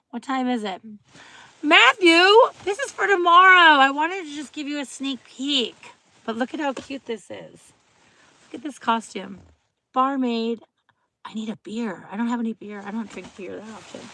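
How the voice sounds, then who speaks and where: A middle-aged woman chatting on a late-night live stream, her voice bright and a touch high. She rambles from one aside to the next, laughs often and greets viewers by name. The sound is close and dry, with no room echo. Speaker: livestream host.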